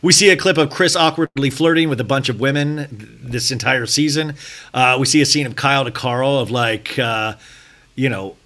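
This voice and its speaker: A man hosting a solo TV recap podcast, joking and irreverent, talking fast and swearing casually. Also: medium pitch. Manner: fast, animated, breaks into mocking impressions. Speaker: podcast host.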